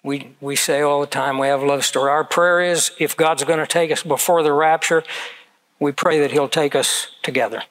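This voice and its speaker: A man's voice: on the high side, steady tone, moderate pace, fairly bright tone, poor audio. A man in his seventies preaching a sermon, telling personal stories in an earnest, conversational way. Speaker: pastor.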